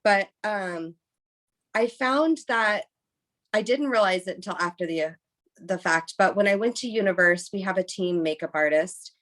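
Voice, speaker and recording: A woman's voice: mid-range voice, normal speed, a bit bright. A young woman, a bikini competitor, chatting as a podcast guest and rambling through a story with many fillers. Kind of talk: casual interview storytelling.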